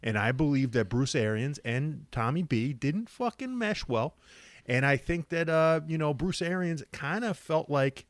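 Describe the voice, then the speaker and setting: Animated, profane male sports podcaster. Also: medium pitch, normal speed, no room sound. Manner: animated, profane, swings louder for emphasis. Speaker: podcast co-host. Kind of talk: casual sports chat.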